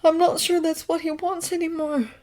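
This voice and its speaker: A woman voicing a hot-tempered teenage boy wizard, sarcastic and often yelling. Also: level tone, normal speed. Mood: bitter. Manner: yelling, sarcastic, high and strained.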